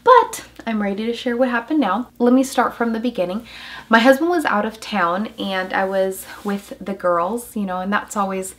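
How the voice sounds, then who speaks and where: Emotional young mom telling a story. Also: female voice, mid-range voice, a bit bright. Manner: emotional, halting, many fillers. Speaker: mom vlogger. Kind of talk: personal vlog storytelling.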